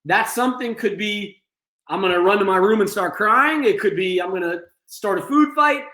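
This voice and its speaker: A man hosts an instructional training session for an online audience, explaining the steps of crisis de-escalation and acting out examples. His voice is high and sharp-toned at a moderate pace, and the recording sounds roomy.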